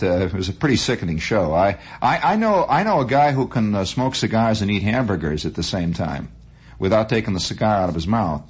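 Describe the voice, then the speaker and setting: A man's voice: low voice, husky. A man hosting a radio show, musing in a rambling monologue with frequent restarts and asides. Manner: musing, digressive storytelling with many restarts. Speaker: radio host.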